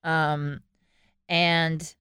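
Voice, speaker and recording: A woman cohosting a chatty podcast, slightly low-pitched and smooth-voiced. She tells her stories with animation, curses freely and laughs often, recorded close and dry with no room sound. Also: level tone, extremely slow, fairly bright tone, dry recording. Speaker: podcast co-host. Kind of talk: casual podcast chat.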